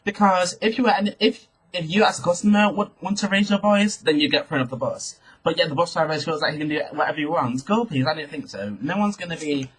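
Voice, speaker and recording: A young man telling a sassy, animated storytime rant to camera, calling his viewers girl. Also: a little high, quick pace, few pauses, breathy edge, poor audio. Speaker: vlogger.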